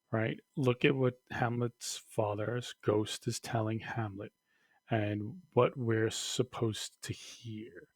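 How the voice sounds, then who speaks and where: A man teaching a recorded lesson, talking slowly with many fillers and restarts. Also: mid-range voice, no echo.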